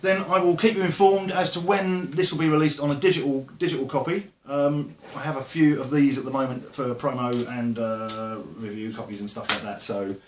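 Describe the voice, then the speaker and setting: A man's voice: medium pitch, steady tone, fairly quick, hardly any pauses, reverberant, slight background noise. A man with an Essex accent, a musician chatting casually to camera, rambling and joking with lots of fillers and asides. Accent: Essex English. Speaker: musician vlogger.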